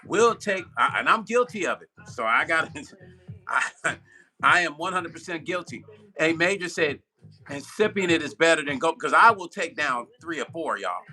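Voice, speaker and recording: A man's voice: a little high, animated, normal speed, sharp tone, slightly rough. A man hosting a live stream as a music producer. He chats loosely with viewers, repeats himself for emphasis and laughs at his own slips.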